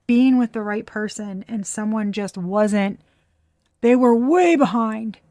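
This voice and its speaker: A woman's voice: a little high, slow pace, warm tone, no room sound, clean studio sound. A woman giving a casual tarot reading, blunt and profane, breaking into laughter. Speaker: tarot reader.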